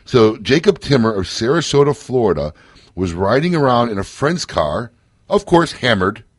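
A man's voice: mid-range voice, big pitch swings, moderate pace, husky, no room sound. A man hosting a casual radio talk show, joking, laughing often and telling stories with energy. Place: radio studio.

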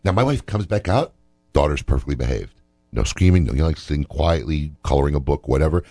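A man's voice: very deep voice, animated, quick pace, warm tone. A male radio talk show host telling a story in casual banter, often tagging lines with "right?".

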